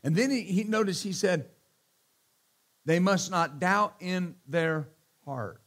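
High-voiced emphatic male preacher. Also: slow pace, a bit bright. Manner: emphatic, repeats hallelujah and amen, joking asides. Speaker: pastor. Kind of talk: sermon.

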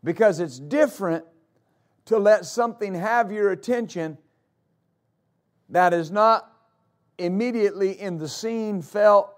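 Male pastor, sermon, high pitched voice, emphatic, repeats lines for stress. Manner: emphatic, repeats phrases for stress, rises and drops loudness.

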